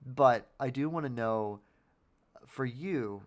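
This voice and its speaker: A man's voice: mid-range voice, takes it slowly. A man hosting a podcast, talking in a casual, earnest way about motivation, often repeating words as he goes and swearing now and then. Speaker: podcast host.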